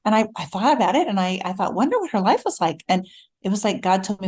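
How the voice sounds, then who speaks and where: A middle-aged woman, an author, telling a personal story in a relaxed conversation, acting out the voices she quotes. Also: mid-range voice, quick pace. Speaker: author guest. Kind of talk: storytelling in casual chat.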